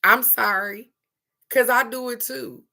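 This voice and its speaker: A woman's voice: a little high, fairly even intonation, measured pace, gravelly, pushed and bright. A woman doing a casual live-stream card reading, chatty and affectionate, laughing often and calling out to viewers by name.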